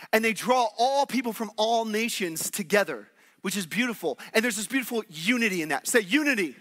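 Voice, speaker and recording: A male pastor preaches with a high, bright, ringing voice. He talks loosely and conversationally, calls on the congregation to repeat words back, and whoops with excitement. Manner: energetic, conversational, call-and-response with the congregation; exclamations and laughs mid-sermon. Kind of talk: sermon.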